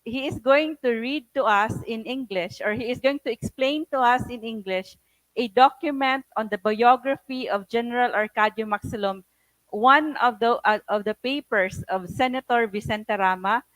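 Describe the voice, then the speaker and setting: A woman's voice: fairly high pitch, normal speed, a bit bright, no echo, poor audio. A woman with a Cebuano accent hosting an event and hesitantly introducing the next speaker. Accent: Filipino, Cebuano. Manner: hesitant, with fillers. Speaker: event host.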